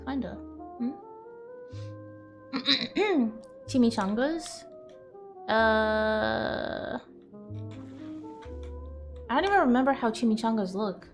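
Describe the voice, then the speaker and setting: Young woman streamer, higher voice, chatty and self-mocking, faint music under her. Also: animated, slow, long pauses. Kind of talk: casual chat with stream viewers.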